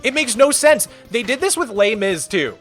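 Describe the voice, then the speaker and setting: Animated, high-pitched rambling streamer man. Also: moderate pace, faint music behind. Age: 30s. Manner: rambling, animated, full of "like" fillers. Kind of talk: casual chat on a live game stream.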